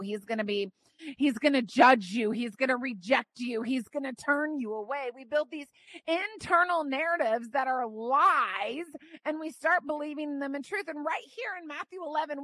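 A young woman teaching on her devotional podcast, her fairly high voice moving from hushed tenderness to loud exclaiming. She sounds earnest and emphatic. The sound is close and dry, with no room around it. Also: dry recording. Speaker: podcast host and Bible teacher.

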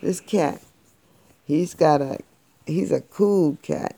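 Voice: medium pitch, slow, creaky, long pauses, mellow. A parent improvising a playful, slangy bedtime story for a child, doing the voices.

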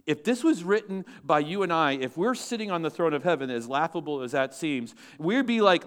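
A male pastor preaching a sermon with lively swings between loud, emphatic lines and hushed, low asides. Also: brisk, few pauses.

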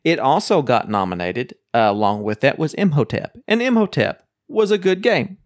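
A man's voice: fairly high pitch, sing-song, moderate pace. Male podcast co-host, casual, long-winded explainer with a grumbling rant streak. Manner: ranting, explains games at length. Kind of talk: casual chat.

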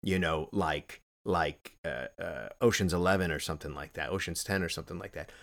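A man co-hosting a casual film chat, talking in an animated way with many stammered restarts. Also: a little fast, gravelly. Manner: animated, stammering restarts, excitable pitch jumps. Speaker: podcast co-host.

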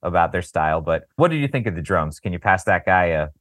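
A man's voice: sits low, animated, fast talker, a bit bright, no echo, clean studio sound. A man co-hosting a casual music podcast, telling jokey stories and often laughing. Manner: joking storyteller, laughs often. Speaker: podcast co-host. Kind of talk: casual chat.

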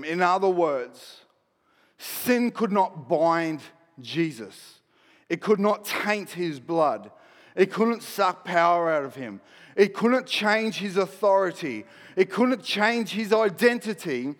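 A man preaches a sermon with a slightly high voice and a slow, deliberate pace. He moves from quiet, chatty asides to firm, emphatic declarations. His voice rings with the long reverb of a church hall. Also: lively intonation. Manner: conversational preaching, drops to soft asides then builds to emphatic declarations. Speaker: pastor.

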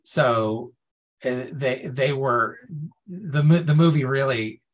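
A man's voice: mid-range voice, slow pace. A man co-hosting a podcast in casual chat, talking in a chatty way with frequent laughs and many restarts. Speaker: podcast co-host.

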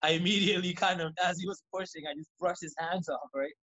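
A man, a podcast guest, telling a story in casual, profane, animated fashion and acting out what people said. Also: high-pitched, lo-fi sound. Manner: rapid, animated, profane, acts out quoted lines.

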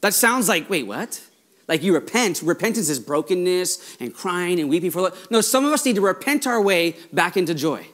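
A male pastor preaching a sermon in an excitable, fast-running way, with many restarts. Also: high voice.

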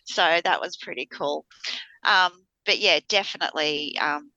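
Bright-voiced woman telling a story. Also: deep voice, measured pace, no echo, dull audio. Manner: animated storyteller acting out quotes. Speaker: podcast co-host. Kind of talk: casual chat.

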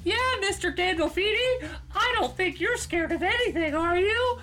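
A man doing a squeaky timid little girl puppet. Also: animated, moderate pace, pushed and bright, faint music behind, exaggerated voice. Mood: timid, wondering. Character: young girl muppet, timid and wide-eyed.

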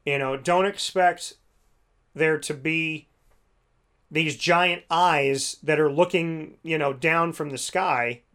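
A man's voice: a little high, slow pace, a bit bright, clear, resonant tone. Rambling man talking about prayer. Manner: rambling, many "you know"s, restarts. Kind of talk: casual talk on faith and prayer.

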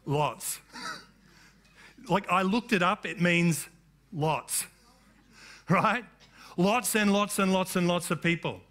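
Male pastor, high and bright, preaches with emphatic rising declarations. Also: slow pace, pauses often. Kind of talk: sermon.

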